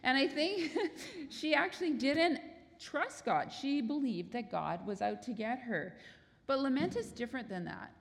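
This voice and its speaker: A woman's voice: high-pitched, expressive, a little slow, vocal fry, big-room sound. A woman preaching a sermon in an earnest, explanatory way, sometimes acting out quoted prayers.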